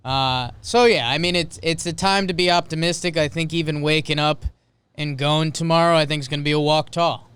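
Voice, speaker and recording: Smooth-voiced upbeat male co-host. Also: on the high side, steady tone, brisk, a bit bright, dry recording. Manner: upbeat, rambling, hype-prone. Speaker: podcast co-host. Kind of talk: casual sports podcast chat. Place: podcast studio.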